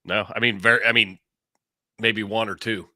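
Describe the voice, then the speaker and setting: A man co-hosting a podcast in casual chat, chiming in with brief, relaxed agreement. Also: lowish voice, normal speed, no echo, clean studio sound.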